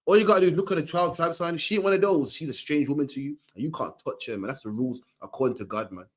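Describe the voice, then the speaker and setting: Emphatic high-voiced preaching man. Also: very fast. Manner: emphatic, ends lines with "man". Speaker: street preacher. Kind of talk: preaching lecture.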